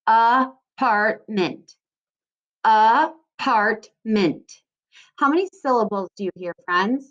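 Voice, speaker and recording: Woman, second grade teacher, phonics lesson, unhurried, encouraging, mid-pitched, muffled lo-fi sound. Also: a bit bright. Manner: sounds out words slowly and deliberately; addresses children encouragingly.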